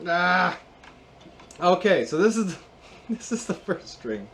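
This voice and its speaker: A man's voice: high-pitched, sing-song, takes it slowly, fairly bright tone, a little hiss or hum. A man in his thirties restringing a guitar in a casual how-to vlog, ranting with sarcastic, exasperated swearing. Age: 30s. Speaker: YouTube host.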